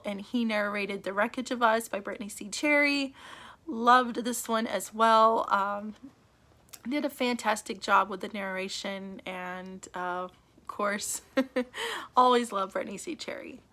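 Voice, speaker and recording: A woman's voice: fairly high pitch, unhurried, sharp tone. A woman book vlogger chatting casually to camera, enthusiastic and chatty, with frequent fillers and little laughs.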